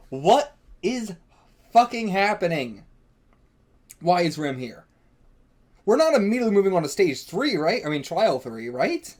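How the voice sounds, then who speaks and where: Excitable male reaction host, high and very animated, rambling delivery peppered with swearing. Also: a little slow, long pauses. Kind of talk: live reading reaction.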